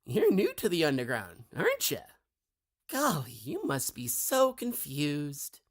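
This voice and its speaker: A woman voicing a sweet-talking little male flower who acts falsely friendly, in a singsong, drawn-out manner. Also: deep voice, huge pitch swings, exaggerated voice. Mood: chirpy.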